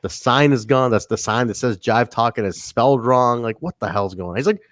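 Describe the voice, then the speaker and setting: A man's voice: medium pitch, brisk, hardly any pauses, no echo, studio quality. A man co-hosting a casual wrestling review podcast, laughing often and acting out what wrestlers said. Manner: animated, laughs often, acts out quotes. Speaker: podcast co-host.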